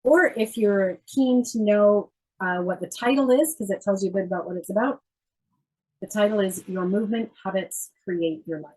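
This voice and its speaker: A woman's voice: mid-range voice, normal speed, darkish tone, husky, rough recording. A woman who teaches dance, a guest telling stories in a casual chat and laughing often.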